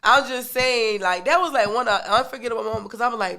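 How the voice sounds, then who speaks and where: A young woman telling a personal story in a relaxed, animated way, full of casual slang and side remarks. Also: on the high side, quick pace.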